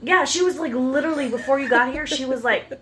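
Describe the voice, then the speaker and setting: This woman, a podcast co-host, speaks fast in a high, fairly bright voice. She chats casually and tells stories, acting out the lines other people said.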